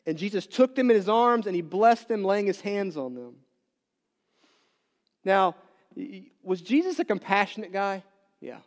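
A pastor giving a sermon, asking the congregation many questions and moving between loud emphatic bursts and quiet low asides. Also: male voice, lively intonation, moderate pace, pauses often. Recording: long reverb in a large hall.

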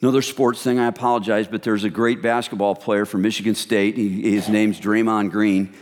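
A male pastor giving an animated sermon to a congregation, sometimes dropping into hushed voices to act out gossip. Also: fairly low pitch, moderate pace, in a large hall.

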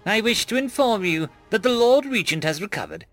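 Guy putting on a cold stiff alien diplomat, higher pitched, very formal and measured, storybook style. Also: big pitch swings, a bit bright, faint music behind. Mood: stiffly formal. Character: stern, stiff, formal male alien ambassador.

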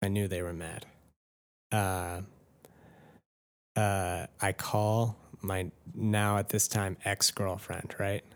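Casting: low-pitched man, casual storyteller, self-mocking, salty language. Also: flat delivery, takes it slowly, pauses often. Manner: self-deprecating, swears freely, rambling asides. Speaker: podcast host telling a story.

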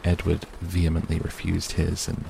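A man reading a novel aloud in steady first-person narration. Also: sits low, normal speed, gravelly, slight background noise. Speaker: audiobook reader.

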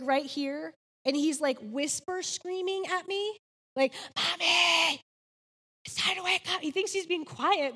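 High-voiced mom in her 30s doing a devotional talk, earnest and heartfelt, lots of "like"s, long reverb. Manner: earnest, heartfelt storytelling, many "like"s. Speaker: devotional speaker. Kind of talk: faith devotional talk with a personal story.

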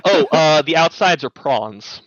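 A man's voice: on the high side, animated, measured pace, fairly bright tone, no echo. A man chatting casually at a tabletop game, starting lines hesitantly with "oh, uh.". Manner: hesitant, lots of "oh, uh". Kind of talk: casual chat. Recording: dull lo-fi dry sound.

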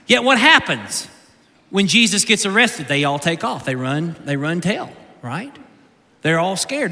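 A man preaching in a high, sharply bright voice that swings widely up and down, joking with the congregation and doubling back on his words. The sound rings with the long reverb of a large church hall. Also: moderate pace. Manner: animated, joking, repeats words mid-sentence. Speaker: pastor. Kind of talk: humorous sermon.

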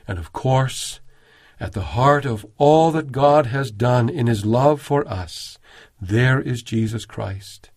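A man preaching a sermon in an earnest, measured way, raising his voice when he quotes prayers. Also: mid-range voice, darkish tone.

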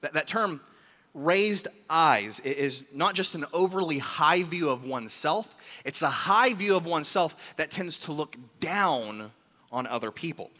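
A man preaching with a bright, forceful voice that sits a little higher than most. He tells the story with animation and acts out the lines of the people in it. A long reverb trails his words through a large hall. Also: animated, a little slow. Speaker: pastor. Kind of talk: sermon.

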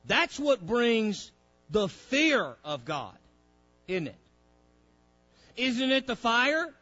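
A man preaching a sermon in a church, dropping to low murmurs and rising to loud shouted peaks. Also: dull audio. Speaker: pastor.

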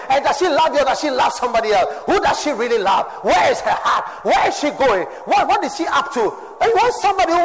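A man preaching a sermon, swinging between loud exhortation and quiet asides. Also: in a large hall, poor audio. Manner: preaching with shifts from shouts to low asides. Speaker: pastor.

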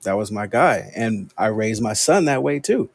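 A man's voice: lowish voice, lively intonation, moderate pace, creaky, breathy edge, no room sound. A man in his thirties from Los Angeles chatting casually as a podcast co-host, candid and confessional, often saying "man". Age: 30s. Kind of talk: casual chat.

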